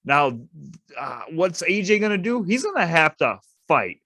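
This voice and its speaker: A man's voice: a little high, big pitch swings, measured pace, sharp tone, dry recording. A man co-hosting a casual boxing podcast, opinionated and emphatic, repeating his points to drive them home. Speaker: podcast co-host.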